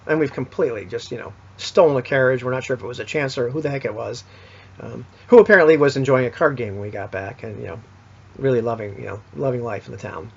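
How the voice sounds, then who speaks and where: A man's voice: mid-range voice, fast talker, vocal fry, breathy edge. A man recapping a tabletop game session in a rambling, casual way, full of fillers and restarts. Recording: dull lo-fi recording.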